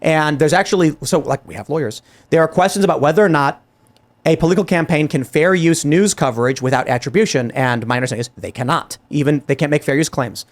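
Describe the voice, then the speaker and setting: A man hosting a political talk show, speaking in an animated, exasperated way with many restarts and acted-out quotes. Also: fairly high pitch, quick pace. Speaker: podcast host. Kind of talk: heated political commentary.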